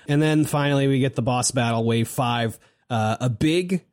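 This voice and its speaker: A man's voice: on the high side, lively intonation, normal speed, darkish tone. Laid-back man recapping a game. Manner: laid-back, many fillers, wry asides. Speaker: podcast co-host. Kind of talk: casual chat recapping a game.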